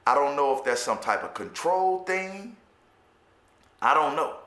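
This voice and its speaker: A man with a Chicago accent recounts his own story in a lively, swooping voice that sits a little high for a man. His tone is bright and forceful, full of cursing and stammered repeats. The recording carries a roomy echo. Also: unhurried. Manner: profane, stammers and repeats words, animated. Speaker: formerly incarcerated storyteller. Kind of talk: candid personal storytelling monologue.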